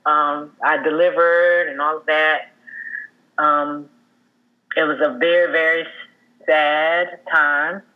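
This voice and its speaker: A woman's voice: sits low, little pitch movement, dull audio. Earnest woman telling a personal story. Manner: earnest and halting, with many fillers and restarts. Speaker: guest sharing a personal loss story. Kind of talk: candid conversational storytelling.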